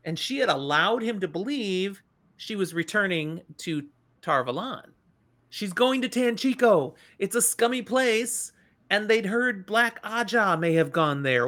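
A woman co-hosting a casual book-discussion podcast, retelling scenes with animated energy. Her voice is bright and swings widely in pitch. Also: a little slow. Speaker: podcast co-host.

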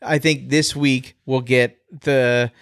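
A man's voice: medium pitch, flat delivery, takes it slowly, fairly bright tone, clear, resonant tone, no echo, studio quality. A man co-hosting a casual podcast, joking and teasing his partner. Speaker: podcast co-host. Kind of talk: casual chat.

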